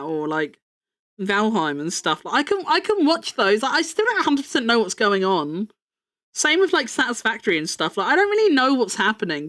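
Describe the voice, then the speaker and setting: A woman's voice: on the high side, fairly bright tone. A young woman streamer chatting casually, rambling, joking about herself and swearing freely.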